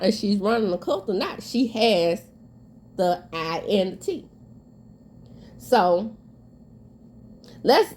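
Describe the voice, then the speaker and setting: A woman's voice: medium pitch, a little mellow. A woman, giving casual, emphatic commentary with a stuffy nose. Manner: candid, emphatic, sassy. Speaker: commentary vlogger.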